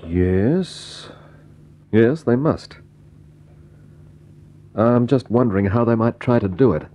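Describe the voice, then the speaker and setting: An actor playing a thoughtful investigator who narrates in a measured, reflective way, in vintage radio drama style. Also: male voice, mid-range voice, expressive, dark tone. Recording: dull lo-fi old radio recording with faint music.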